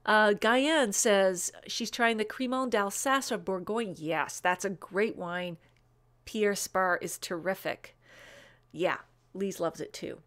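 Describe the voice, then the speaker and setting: A woman hosts a live online wine show in a loose, chatty way. She gushes over bottles, rattles off tasting notes and answers viewers' comments as they come in. Her talk is full of little "um"s and quick asides. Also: medium pitch, fairly bright tone. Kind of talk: casual live-stream chat, reading viewer comments.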